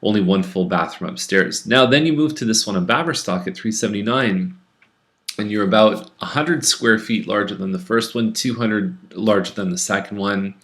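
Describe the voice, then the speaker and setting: A man's voice: fairly low pitch, normal speed, fairly bright tone. A man who is a real estate agent, chatting casually through a rundown of home listings, with fillers and restarts. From Canada.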